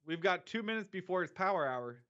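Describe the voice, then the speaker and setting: A man's voice: sits high, animated, fairly quick, sharp tone, muffled recording. A man co-hosting a live stock market show, trading dry, teasing quips and chart remarks. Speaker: co-host. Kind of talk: casual banter and chart remarks.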